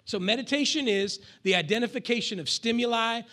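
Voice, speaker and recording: A male pastor preaching a lively sermon to his congregation, with call-and-response and acted asides. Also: extremely high pitch, a little fast.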